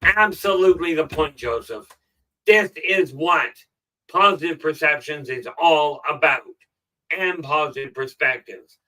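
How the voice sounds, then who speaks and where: A middle-aged man giving a casual motivational talk on a live stream, rambling and filling pauses with "okay". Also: on the high side, sharp tone, distant mic, poor audio. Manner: rambling, frequent "okay" fillers. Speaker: self-help live streamer.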